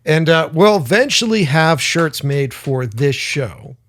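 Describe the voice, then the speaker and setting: In this casual podcast chat, the male co-host speaks a little slowly with a fairly bright, high-leaning voice and lively intonation. He tells rambling stories, swearing now and then.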